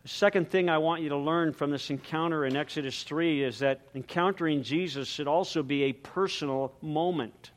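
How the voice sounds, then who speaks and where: A man preaching a sermon in an animated, dramatic way, swinging between loud emphasis and hushed, quiet lines. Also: on the high side, normal speed, hardly any pauses. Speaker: pastor.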